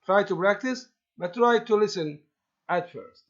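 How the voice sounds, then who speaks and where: A man teaching an English lesson, halting often with fillers and repeating words as he explains. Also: high-pitched, lively intonation. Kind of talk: recorded classroom lesson explanation. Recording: dull lo-fi recording.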